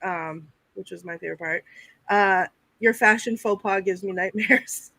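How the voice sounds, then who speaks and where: Bright, enthusiastic woman in dry close-up. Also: mid-range voice, a little slow, vocal fry, dry recording. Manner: enthusiastic, quotes favorite lines. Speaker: podcast panelist. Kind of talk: casual chat.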